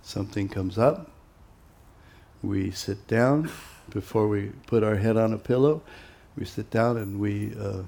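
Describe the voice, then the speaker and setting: A man giving an informal spiritual talk to devotees in a relaxed, conversational way, with many pauses and acted-out quoted exchanges. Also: on the low side, creaky. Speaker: monastic teacher.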